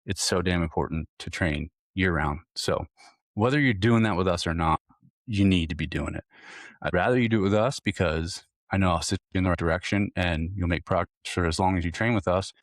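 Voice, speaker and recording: A man's voice: sits low, brisk, no room sound, studio quality. A man hosting a hunting fitness podcast, talking earnestly in a casual coaching way and often repeating words as he restarts. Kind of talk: casual solo podcast talk.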